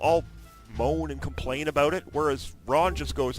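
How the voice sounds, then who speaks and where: A man giving chatty, excitable commentary on his own video game session, breaking into loud exclamations now and then. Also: a little high, normal speed. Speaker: gaming video host. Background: background music.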